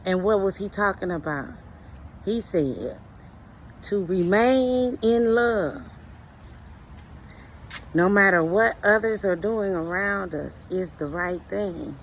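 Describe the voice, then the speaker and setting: Middle-aged woman, slow-talking, earnest and preachy, with a gravelly edge. Faint traffic hums in the background. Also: medium pitch, poor audio. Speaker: speaker sharing life lessons. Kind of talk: reflective motivational monologue.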